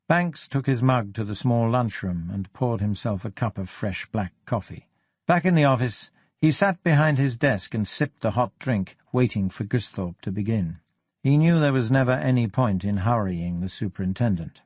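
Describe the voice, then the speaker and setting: A man narrating an audiobook in a steady, even-paced reading. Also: lowish voice, normal speed, dry recording.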